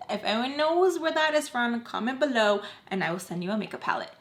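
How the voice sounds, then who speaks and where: A woman's voice: on the high side, animated, fast talker, a bit bright. A young woman telling a personal storytime in a casual, emotional way, full of fillers like "like" and acting out what others said. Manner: filler-heavy, emotional, quotes others' voices. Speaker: storytime vlogger.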